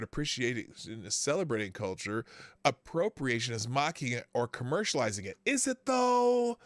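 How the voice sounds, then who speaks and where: A man hosting a live-stream show, casually reading out viewer comments and reacting to them in a chatty, animated way. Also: mid-range voice, no room sound, studio quality. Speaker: livestream show host.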